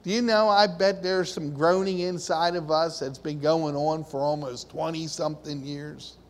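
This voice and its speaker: A man's voice: fairly high pitch, fairly even intonation, normal speed, a little hiss or hum. A man preaching a sermon with passion, often putting questions to the congregation. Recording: long hall reverb.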